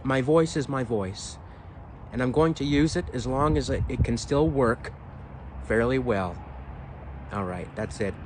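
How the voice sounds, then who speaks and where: A man's voice: medium pitch, measured pace, pauses often, darkish tone, a little hiss or hum, low-quality recording. A man with a weathered voice, a singer talking frankly in a casual vlog, emphatic and frustrated, with rhetorical questions. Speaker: singer and video creator.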